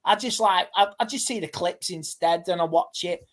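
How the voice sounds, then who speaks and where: A man's voice: sits high, moderate pace, a bit bright. A man talking as a guest fan pundit in a casual football podcast chat, rambling and stop-start, often restarting his sentences.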